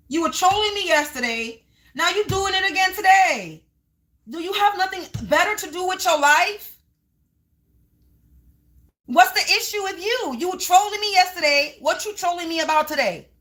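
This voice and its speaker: A woman hosting her own channel, ranting loudly at viewers and trolls, cursing and calling them sweetie and honey. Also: very high-pitched, expressive, moderate pace, pauses often. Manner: loud, yelling, cursing, confrontational. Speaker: spiritual channel host. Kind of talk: ranting livestream vlog.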